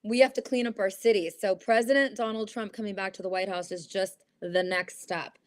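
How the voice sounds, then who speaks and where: A woman's voice: mid-range voice, steady tone, fairly quick. A woman in casual conversation, talking emphatically and interjecting often.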